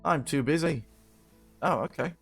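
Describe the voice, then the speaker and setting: A man's voice: on the high side, normal speed, creaky, slightly rough, soft background music. A man in casual gameplay commentary, muttering to himself with swearing and wry asides in a loose put-on Irish-Scottish lilt. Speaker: let's play host.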